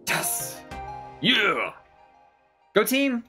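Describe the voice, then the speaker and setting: A gamer giving casual, excitable commentary while playing, often gasping and exclaiming, with the odd casual swear. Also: mid-range voice, a little slow, soft background music. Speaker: let's play gamer.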